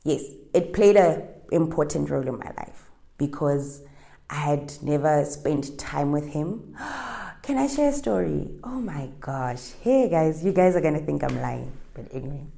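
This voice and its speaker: Here a deep, mellow, slightly creaky female voice unfolds a personal anecdote at a somewhat slow, expressive pace. The interviewee is a young South African woman who speaks Setswana, and her rambling, conversational English is sprinkled with Setswana expressions.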